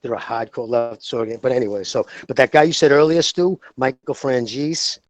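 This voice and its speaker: A man's voice: medium pitch, normal speed, no echo, highs cut off. Profane, heated man in casual chat. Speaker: podcast co-host.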